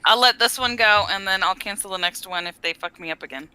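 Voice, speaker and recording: Bright-voiced woman joking at a game table. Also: medium pitch, quick pace, smooth, no room sound, low-quality recording. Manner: joking, laughs often. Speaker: player. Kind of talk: casual tabletop play.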